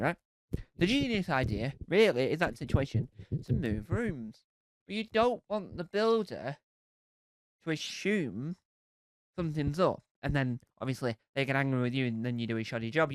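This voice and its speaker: Animated stand-up comedian. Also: male voice, fairly high pitch, moderate pace, no echo. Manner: animated, acts out scenes with sung riffs and shouts. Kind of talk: stand-up routine.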